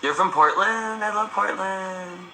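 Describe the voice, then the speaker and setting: A young man in his twenties talks on a phone livestream in a campy, sassy way, his voice sharp and very bright. The room is echoey, with faint music playing behind him. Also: high-pitched, measured pace. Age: 20s. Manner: sassy, campy storytelling, swears freely, laughs often. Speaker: livestream host. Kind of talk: casual livestream chat.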